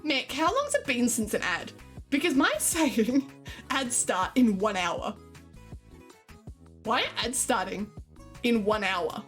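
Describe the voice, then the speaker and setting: Young woman, streamer, high voice, exaggerated delivery, casual swearing, faint music behind. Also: very animated, slow, pauses often, fairly bright tone. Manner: swears casually, laughs often. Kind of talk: casual live-stream chat.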